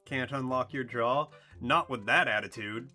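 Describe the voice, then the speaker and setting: A man's voice: medium pitch, moderate pace, pushed and bright, faint music behind. A man joking and riffing with his chat while playing a video game on a stream. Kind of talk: casual gaming stream chat.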